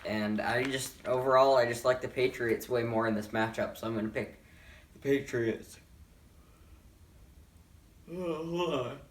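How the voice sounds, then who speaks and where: A tired sports vlogger yawns his way through casual picks and predictions, offhand and rambling, at a measured pace with long pauses. His voice is medium-pitched, and recorded at home with the mic a bit distant, it has echo around it.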